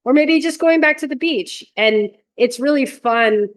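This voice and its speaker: A woman surf therapist and coach explaining her approach in an interview, earnest and gentle, with frequent "like" fillers. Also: high-pitched, unhurried.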